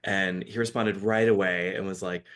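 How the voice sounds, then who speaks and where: A man from Michigan, a podcast guest, telling a story in casual, animated chat with frequent laughter. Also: low voice, normal speed.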